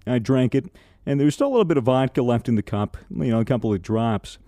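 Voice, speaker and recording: A man's voice: mid-range voice, fast, dry recording. Young man telling a story on a podcast, dry sound. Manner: animated storyteller, swears freely. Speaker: podcast host. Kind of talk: casual podcast chat.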